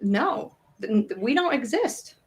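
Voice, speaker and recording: A woman's voice: on the high side, big pitch swings, slow. A woman with an upstate New York accent, co-hosting in easygoing casual chat with short replies and laughs. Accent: New York State.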